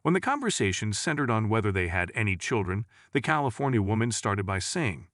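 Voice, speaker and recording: A man reading jokes aloud in a lively, storytelling way. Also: lowish voice, brisk, hardly any pauses, no echo, studio quality. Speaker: joke narrator. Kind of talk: scripted joke reading.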